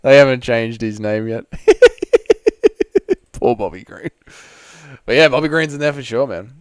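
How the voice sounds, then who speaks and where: A man's voice: mid-range voice, moderate pace, clear, resonant tone, dry recording. A man hosting a casual live stream, reading viewer comments aloud and bantering back in a loose, joking way.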